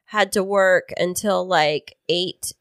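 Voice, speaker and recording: A woman's voice: slow pace, clear, resonant tone, dry recording, clean studio sound. A woman co-hosting a casual podcast with her husband, telling stories animatedly. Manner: animated storyteller, mimics others in high voices. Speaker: podcast co-host. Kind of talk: casual chat. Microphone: studio microphone.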